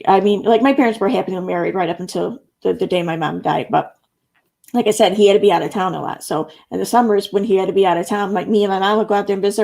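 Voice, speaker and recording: With a gravelly, fried voice at a middling pitch, a middle-aged woman from Central New York runs a casual live stream. She reads viewers' comments aloud, responds to them conversationally, and laughs a lot.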